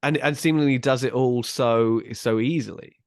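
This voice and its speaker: A man's voice: mid-range voice, moderate pace, darkish tone, dry recording, studio quality. A man co-hosting a movie review podcast, earnest and emphatic, stacking up praise. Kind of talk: casual movie review chat.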